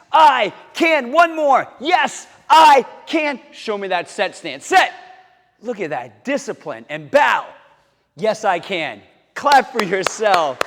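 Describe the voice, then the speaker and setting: A martial arts instructor with a high, fairly bright male voice teaches a kids' karate lesson to camera. Upbeat and encouraging, he calls out chants and drill counts, and the recording carries long hall reverb.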